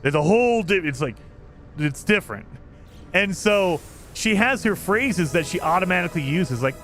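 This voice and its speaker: A man's voice: high-pitched, expressive, moderate pace, a bit bright, soft background music. A man streaming a game live, chatting with his viewers and laughing often as he plays. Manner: chatty, laughs often, talks to chat while playing. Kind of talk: casual live-stream chat.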